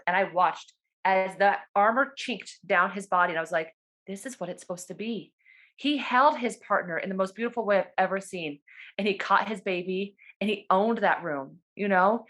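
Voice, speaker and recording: A woman talks fast and eagerly over a video call, animated and excited as she tells her own story. Her words tumble out quickly in a casual, personal way, as a doula sharing her experience from home. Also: mid-range voice. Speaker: doula and birth worker.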